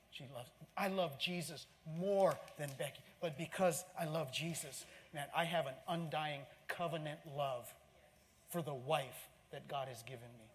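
A man preaching a sermon as pastor, exclamatory and animated, swinging between loud outbursts and hushed asides. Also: a little high, a little hiss or hum. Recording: long hall reverb, faint room ambience.

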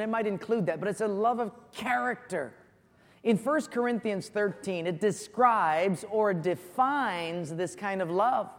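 A man preaching a sermon as pastor, lively and storytelling. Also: high-pitched, big-room sound. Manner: animated storyteller, acts out voices in jokes. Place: church.

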